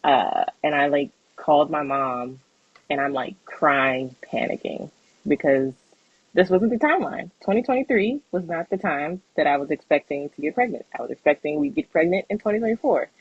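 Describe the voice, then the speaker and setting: Husky young woman telling a story. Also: low voice, moderate pace, no room sound, muffled recording. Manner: animated, acts out quoted voices, laughs often. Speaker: podcast co-host. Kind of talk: casual podcast storytelling.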